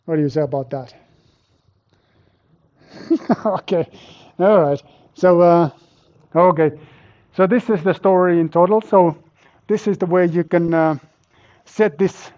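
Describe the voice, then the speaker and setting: A man lecturing a university class live, with a fairly high, mellow voice. He walks through the material step by step, puts questions to the room and teases the students about their answers. The stream sounds dull and lo-fi. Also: normal speed, pauses often. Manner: quizzes students and teases them. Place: lecture hall with a live audience.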